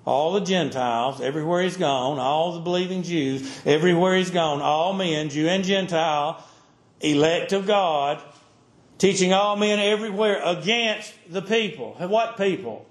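A man with a high voice preaches a sermon, driving his points home in repeated, emphatic phrases. His voice rings out in an echoey room. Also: moderate pace. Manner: emphatic, repetitive preaching cadence.

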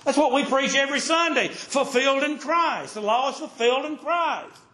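High-pitched man preaching in an echoey room. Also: moderate pace, sharp tone, a little hiss or hum. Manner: emphatic, repetitive preaching cadence. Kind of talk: sermon.

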